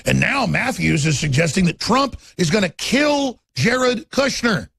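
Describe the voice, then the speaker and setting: A man's voice: high-pitched, big pitch swings, a little slow, vocal fry, a bit bright, husky, no room sound. A man hosting a talk radio show, ranting in a fiery monologue. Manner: ranting, mocks opponents in put-on voices.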